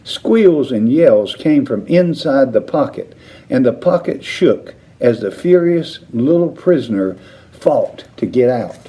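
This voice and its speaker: A man reading a children's novel aloud, narrating with expressive intonation. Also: mid-range voice, takes it slowly. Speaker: reader. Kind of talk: storybook read-aloud narration.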